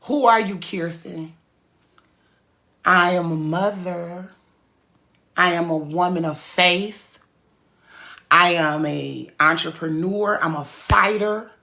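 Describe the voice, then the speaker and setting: Woman, motivational talk, slow and deliberate, bright forceful tone, emphatic, slangy. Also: lowish voice, vocal fry. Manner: preachy, emphatic, repeats points for effect; casual slang-heavy delivery. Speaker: cookie business owner and speaker.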